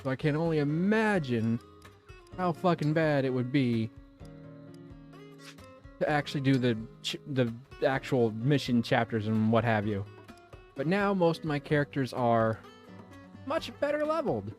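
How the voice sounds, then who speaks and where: A man's voice: mid-range voice, sing-song, a little slow, long pauses, soft background music. A man streaming a video game, talking casually to his viewers in a rambling, self-mocking way and swearing freely. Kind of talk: casual let's-play commentary.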